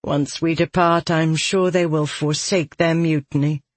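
A narrator voicing a calm, formal woman commander in an audiobook, speaking in measured sentences. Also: medium pitch, no echo, close to an everyday voice. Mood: regretful.

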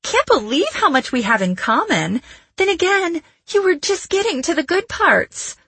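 A woman's voice: very high voice, sing-song, moderate pace, a bit bright, dry recording, voice pushed up, heavily acted. A woman reading as a perky, pushy young woman. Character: bold, meddling young woman.

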